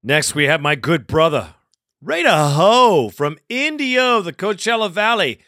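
A man hosting a fan call-in show, animated and fired up, swearing freely. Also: fairly high pitch, a little slow, dry recording, clean studio sound. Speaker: host.

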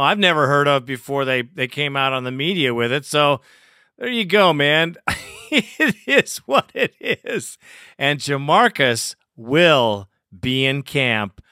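Slow chill guy hosting fan calls, bright clean dry voice, laughs a lot. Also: medium pitch, smooth, no echo. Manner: laid-back, chuckling banter. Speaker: host.

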